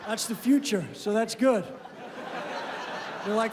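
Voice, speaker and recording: Dry, deadpan stand-up comedian, high voice. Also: male voice, unhurried, background noise. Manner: dry, deadpan delivery with acted-out dialogue. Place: comedy venue stage before a live audience. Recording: roomy hall reverb, audible crowd laughter. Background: audience laughing.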